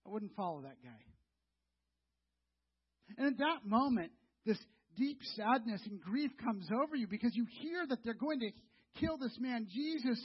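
A middle-aged male pastor with a high voice delivers a sermon as a conversational story, speaking straight to his listeners as "you". His tone is husky, and the recording sounds dull and lo-fi. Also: normal speed.

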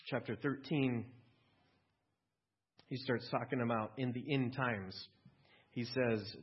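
A man's voice: mid-range voice, fairly even intonation, takes it slowly, long pauses, slightly rough. A male pastor giving a sermon in a conversational way, asking the listeners questions. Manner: conversational, asks listeners questions, small restarts. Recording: dull lo-fi recording.

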